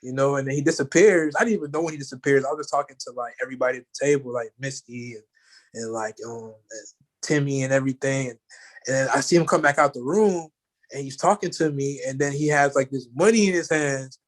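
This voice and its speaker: A man in a casual talk, recounting a story at an easy, middle-pitched level and wandering through it with many "you know" and "like" fillers. His delivery is loose and conversational. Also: fast talker. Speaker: guest.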